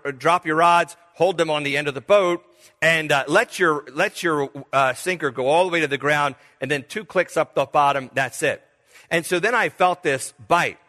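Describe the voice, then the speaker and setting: An older man preaches in a folksy, storytelling way and acts out the voices of the people in his tales. His voice sits a little high and rings bright and forceful. A long church-hall reverb trails after each phrase. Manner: folksy and animated, telling stories with quoted voices. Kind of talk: sermon with personal storytelling.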